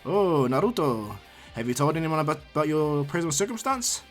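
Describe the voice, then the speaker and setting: A man's voice: fairly high pitch, very animated, brisk, faint music behind. A man voicing a jolly old mentor ninja who teases his student in a hearty way. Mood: fond. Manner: hearty, teasing.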